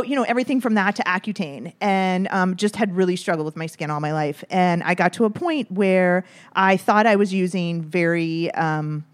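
Enthusiastic woman guest, lower voice. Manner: warm, enthusiastic, searching for words. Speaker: skincare brand founder, interview guest. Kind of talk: interview conversation. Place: hotel room.

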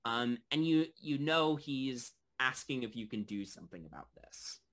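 Halting man as game master. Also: mid-range voice, lively intonation, fairly bright tone. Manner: loose, halting narration with many fillers. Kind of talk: narrating a tabletop game.

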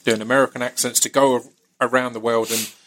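Halting male interviewer, mid-pitched voice. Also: little pitch movement, a bit bright. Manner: halting, repeats words while forming questions. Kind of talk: casual interview chat.

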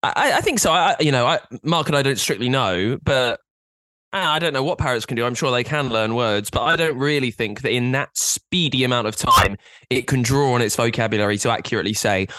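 A man co-hosting a podcast, rambling casually with frequent halting restarts. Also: mid-range voice, animated, sharp tone, no room sound. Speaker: podcast co-host. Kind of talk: casual chat.

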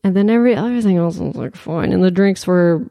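A woman's voice: lowish voice, fast talker, creaky, dull audio. Rambly woman telling stories, lots of "like". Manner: rambling anecdotes full of "like", laughs often. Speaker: podcast co-host. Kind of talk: casual storytelling chat.

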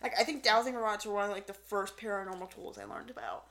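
A woman co-hosting a podcast in casual chat, retelling events in an animated way with lots of fillers. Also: mid-range voice, fast talker. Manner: animated storyteller, lots of "like" and "so yeah". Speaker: podcast co-host. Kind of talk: casual chat recapping a show.

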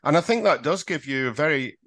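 A man hosting a casual chat show, affable and quick with agreeing murmurs. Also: a little high, lively intonation, fairly bright tone. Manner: affable, lots of "mm-hmm" backchannel. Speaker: host.

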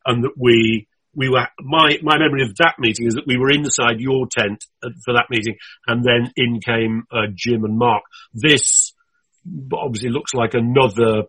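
A man with a bright, husky voice, recorded dry and close. He talks in a reflective way, qualifying his memories as he goes. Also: medium pitch, fairly even intonation, moderate pace, dry recording, rough recording. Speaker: guest. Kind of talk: reminiscing conversation.

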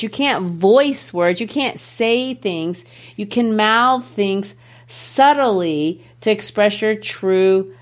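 Lively middle-aged lady teacher breaking down a poem, playful, jumps her pitch around for emphasis. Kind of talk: classroom-style poetry lesson.

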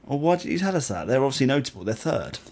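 A man's voice: mid-range voice, sing-song, darkish tone. Bloke ribbing his mate on a footy podcast, mid-range voice. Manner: teasing, quick banter and interjections. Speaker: podcast co-host. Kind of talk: casual football chat.

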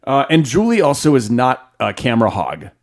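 A man's voice: mid-range voice, huge pitch swings, normal speed. A man co-hosting a casual podcast chat, dry and joking with wry understatement. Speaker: podcast co-host.

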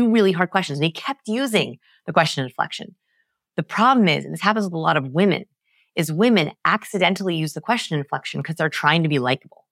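A woman guest on a podcast, explaining research with emphatic, animated storytelling and big pitch swings. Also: no echo, clean studio sound. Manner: lively, emphatic, swings pitch high to act out examples.

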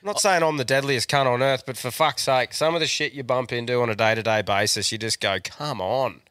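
A man's voice: medium pitch, brisk, fairly bright tone, no room sound, clean studio sound. A young Australian man co-hosting a podcast, telling a crude, sweary rant in casual chat. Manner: crude, swearing, ranting storyteller. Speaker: podcast co-host.

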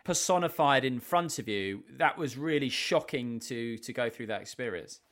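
A male interview host asking careful questions, with some hesitation and fillers. His pitch is mid-range. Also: lively intonation, moderate pace, fairly bright tone.

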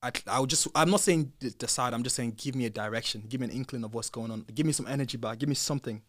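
A man's voice: mid-range voice, racing, dry recording, studio quality. A young man with a British accent, a podcast guest casually retelling events and acting out the conversations with rising emphasis. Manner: animated retelling, acts out quoted dialogue, rising loud when heated. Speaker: podcast guest, former reality show contestant. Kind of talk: casual storytelling chat.

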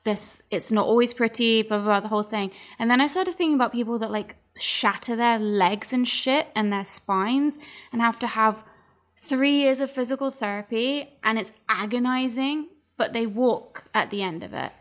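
A woman's voice: on the high side, normal speed, a bit bright. A woman talking candidly in a casual chat, emotional and rambling, swearing freely as she opens up.

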